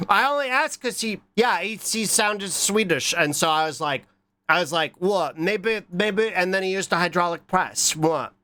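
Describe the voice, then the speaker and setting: A livestreamer chats casually while reacting to videos and reading chat, sounding congested from a cold. He's animated but a little slow, with a sharp tone, scattered and goofy, repeatedly blurting "What?" with squeaky high bursts.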